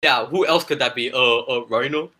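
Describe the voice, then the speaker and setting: A man co-hosting a casual gaming chat, talking with excitable fan enthusiasm. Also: medium pitch, normal speed. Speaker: gaming channel co-host.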